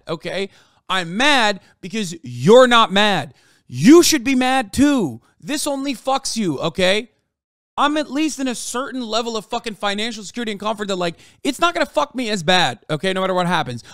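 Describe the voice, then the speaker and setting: A man's voice: very high-pitched, a bit bright, dry recording, studio quality. A man streaming live, reacting to news clips with heated, profane rants.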